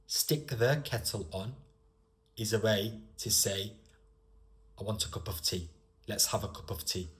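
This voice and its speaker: A man giving a recorded English lesson, explaining phrases slowly and clearly, acting out each one in a different regional voice. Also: lowish voice, fairly bright tone. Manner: slow, clear explanations to learners. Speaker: English teacher.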